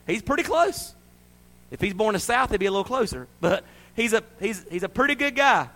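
A man from the American South preaching a sermon, swinging from loud, high-pitched exhortation to hushed intensity. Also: big pitch swings, a little fast. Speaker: pastor.

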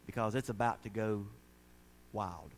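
Pastor guy preaching, folksy then gets loud and stretched out, faint hum behind. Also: lowish voice, unhurried. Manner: folksy, rising to shouted preaching. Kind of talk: sermon.

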